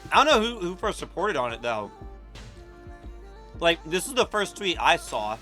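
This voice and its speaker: Bright-voiced young American man streaming. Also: on the high side, very animated, normal speed, faint music behind. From United States. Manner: loose, swearing, laughing, lots of "bro" and "like". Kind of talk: casual live-stream reaction chat.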